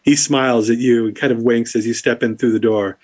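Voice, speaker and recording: A man's voice: mid-range voice, fairly quick. Man running a tabletop game. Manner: relaxed, filler-heavy description. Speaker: game master.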